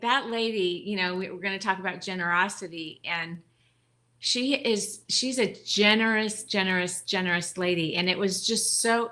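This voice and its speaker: A woman's voice: medium pitch, pushed and bright. A woman who leads a ministry, a podcast guest telling a heartfelt personal story with emotion and gratitude. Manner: emotional, grateful, rambling with restarts.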